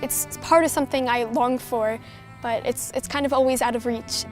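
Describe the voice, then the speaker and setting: Young woman poet, high voice, earnest and soft spoken, music playing under her. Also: steady tone, normal speed. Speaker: youth poet laureate. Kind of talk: spoken-word poem and reflective talk.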